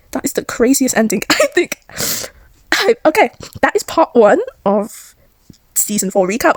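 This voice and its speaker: Young woman, chatty rambling recap vlogger, high bouncy voice, dry close sound. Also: dry recording. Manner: chatty, rambling, giggly, acts out characters' lines. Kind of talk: casual story recap.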